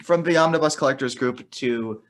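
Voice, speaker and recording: A man's voice: medium pitch, normal speed, a crowd in the background. A man hosting a casual podcast chat, rambling with lots of fillers and restarts. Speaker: podcast host.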